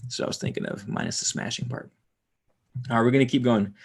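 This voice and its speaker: A man's voice: mid-range voice, fairly even intonation, quick pace, gravelly, long pauses, husky. A young man reading a book aloud on a live stream, drifting into rambling, swearing asides and chatting with viewers.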